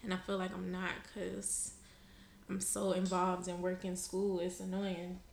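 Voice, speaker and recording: A woman's voice: fairly low pitch, monotone, a little slow, creaky, slight background noise. A young woman co-hosting a casual podcast, talking candidly about her stress and swearing casually. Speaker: podcast co-host. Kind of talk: casual chat. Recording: roomy echoey room.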